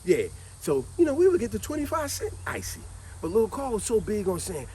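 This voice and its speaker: Man, casual storytelling, animated, acts out quotes, high pitch, faint background noise. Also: fairly quick. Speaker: vlogger telling a childhood story.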